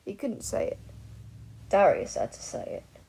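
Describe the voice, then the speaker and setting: A woman narrating a fan fiction story aloud in an expressive audiobook style. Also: measured pace, low-quality recording. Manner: expressive, voices each character.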